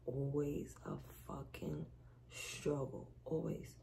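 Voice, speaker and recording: A stressed, exhausted woman venting to her vlog viewers in a weary, halting way. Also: rumbling low, creaky, mellow, a little hiss or hum. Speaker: vlogger.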